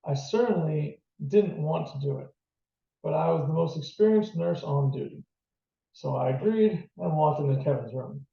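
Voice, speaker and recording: A man with a gravelly voice voicing a stern, skeptical middle-aged woman nurse in a read-aloud novel, heard from a distance in a roomy space on a dull lo-fi recording. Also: a little high, animated, moderate pace. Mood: recounting. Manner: sharp and incredulous.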